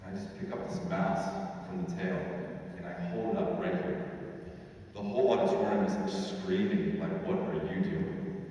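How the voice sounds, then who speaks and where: A young man, a priest, preaching a lively storytelling sermon and mimicking sounds and voices. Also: on the low side, normal speed. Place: large worship hall. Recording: echoey hall from far off.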